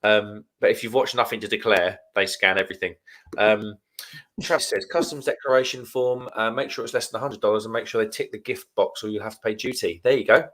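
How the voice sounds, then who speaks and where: A man's voice: on the low side, a little fast, a bit bright. A man hosting a live stream over beers, rattling through viewer comments in a chatty, matter-of-fact way. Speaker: livestream host reading viewer comments. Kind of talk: casual chat over beers.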